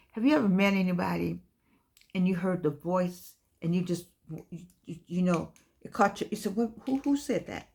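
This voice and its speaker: An older woman giving an inspirational talk, telling stories in an animated, preacher-like way and repeating her phrases for effect. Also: mid-range voice. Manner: animated preacher-like storytelling with repetition. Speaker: host.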